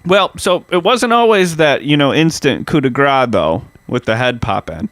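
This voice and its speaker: A man co-hosting a podcast in casual comedic chat, profane and graphic, with frequent halting restarts. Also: on the high side, big pitch swings, fairly bright tone, no echo. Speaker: podcast co-host.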